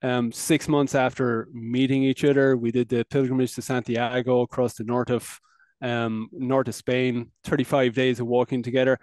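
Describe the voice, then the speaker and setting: A man's voice: mid-range voice, little pitch movement, moderate pace, darkish tone, no echo. Irish man, podcast guest, candid and good-humored, medium voice, dry recording. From Ireland. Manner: candid, laughs often, stammering restarts. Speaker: podcast guest, men's coach. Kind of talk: casual interview chat.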